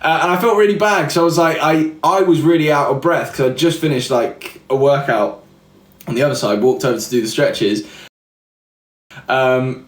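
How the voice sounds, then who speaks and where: A man's voice: on the high side, moderate pace, echoey room. A young man hosting a livestream, chatting casually and rambling through self-deprecating stories with laughs. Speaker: livestream host. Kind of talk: casual chat reading live comments.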